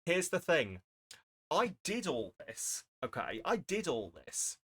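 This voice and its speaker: Young male streamer, bright tone, rambling and self-deprecating, casual desk-mic chat. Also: on the high side, very animated, slow pace, slightly rough. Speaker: charity streamer. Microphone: desk microphone.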